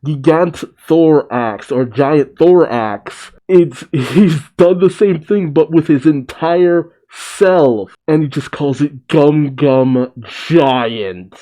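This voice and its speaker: A man's voice: a little high, slow pace, hardly any pauses. Laid-back man reacting to comics. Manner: excitable, swears and laughs often. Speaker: reaction video host. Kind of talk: casual reaction commentary.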